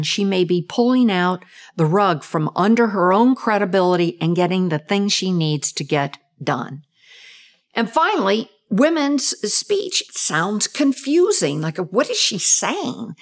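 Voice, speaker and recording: A woman communication expert giving an explanatory talk, using short role-play examples to show intonation. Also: lowish voice. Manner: measured, deliberate delivery. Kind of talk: explanatory talk on gendered speech patterns.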